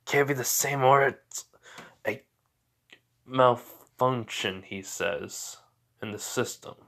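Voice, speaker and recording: A man's voice: mid-range voice, slow, gravelly, sharp tone. A tired man improvising a fan fiction story aloud, rambling with lots of fillers and occasional stutters.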